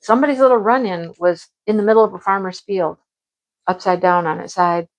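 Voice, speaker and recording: A woman chatting casually at home as a crafting vlogger, animated and talkative, acting out her own past remarks. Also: mid-range voice, brisk, poor audio. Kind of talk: casual chat about crafts and home life.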